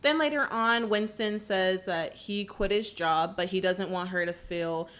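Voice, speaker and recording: A young woman hosting a casual movie reaction, recapping the plot in an animated way and acting out the characters' lines. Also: mid-range voice, unhurried.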